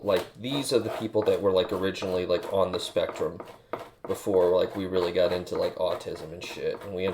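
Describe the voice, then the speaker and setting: Casual streamer guy, very low gravelly voice, crude joker, faint hiss behind. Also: a little mellow. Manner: crude joking banter. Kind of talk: casual chat while working.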